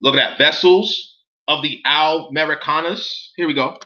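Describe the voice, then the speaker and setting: Read it like a man going through documents for his viewers, bright and edgy. Stop often to question them in disbelief, swear casually, and let the recording sound muffled and lo-fi. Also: fairly high pitch, moderate pace. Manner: incredulous, profane, keeps asking viewers questions. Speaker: commentator reading documents to viewers. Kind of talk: casual commentary reading documents aloud.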